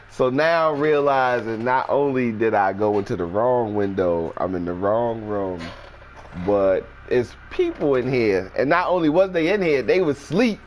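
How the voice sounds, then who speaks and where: A man telling a story in a casual, animated and profane way, jumping into high voices when quoting people. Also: normal speed, slight background noise. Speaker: storyteller host.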